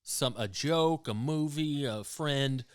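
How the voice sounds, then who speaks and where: A man co-hosting a casual comedy podcast, relaxed and curious, asking questions and giving short replies. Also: mid-range voice, slow pace, smooth, no room sound, clean studio sound. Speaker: podcast co-host.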